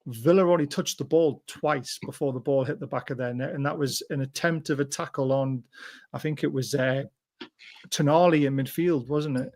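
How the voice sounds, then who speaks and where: Casting: mid-pitched male host, excitable football chat, tag questions. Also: normal speed. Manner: enthusiastic, chatty, asks tag questions. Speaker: fan channel host. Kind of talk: football match discussion.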